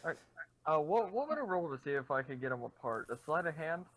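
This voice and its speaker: A man plays a tabletop game and asks quick, plain questions. He talks fast with a bright, forward tone. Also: fairly high pitch, big pitch swings, dry recording, low-quality recording. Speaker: player. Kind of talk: casual tabletop play.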